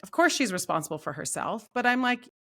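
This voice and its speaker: A middle-aged woman co-hosting a podcast, speaking in a thoughtful, measured way and leading the topics. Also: fairly high pitch, sing-song, pushed and bright. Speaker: podcast co-host. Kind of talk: casual podcast chat.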